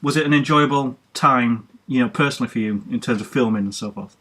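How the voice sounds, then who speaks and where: Bright-voiced British man interviewing. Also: mid-range voice, fast talker. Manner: chatty, stumbling restarts, chuckling. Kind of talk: casual interview.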